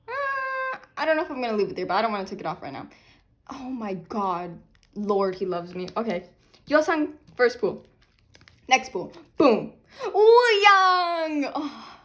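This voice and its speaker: A young woman filming an unboxing vlog, talking loudly and dramatically, laughing and half-crying over what she gets. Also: fairly high pitch. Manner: loud, chaotic, dramatic reactions with laughing and fake crying. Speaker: vlogger unboxing albums.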